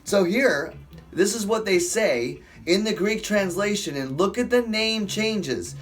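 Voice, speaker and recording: A man's voice: sits high, animated, unhurried. A man hosting a casual bible study, rambling playfully between jokes and scripture and stretching out words for effect. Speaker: host of a bible study show.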